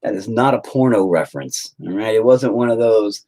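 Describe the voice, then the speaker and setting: A man in his thirties livestreams himself painting at home, rambling crudely and jokingly and often putting on shrill mocking voices. He talks at normal speed with a dark tone, and the audio is poor.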